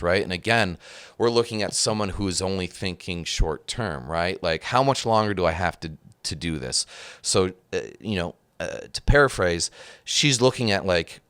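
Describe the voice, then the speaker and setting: Deep smooth-voiced man chatting casually. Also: normal speed, a bit bright, dry recording. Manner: rambling, many fillers and restarts. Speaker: podcast host and trainer. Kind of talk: casual conversation.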